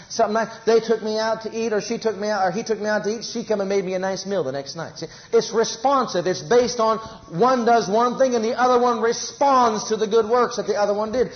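High-voiced animated male preacher. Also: lo-fi sound. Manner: animated, repeats phrases for emphasis, acts out spouses' quarrels. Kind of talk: sermon.

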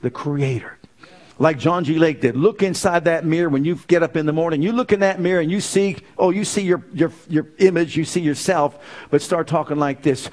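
A man preaching a sermon, firing off rhetorical questions and swinging from fervent exclamations down to low, quiet lines. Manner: rising to fervent exclamations, then dropping low; asks the audience rapid rhetorical questions.

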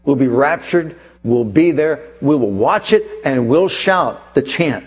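A man preaching a sermon, swinging from hushed, low asides to soaring, fervent scripture recitals. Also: lively intonation, unhurried, few pauses, slightly rough. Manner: chants scripture with rising fervor.

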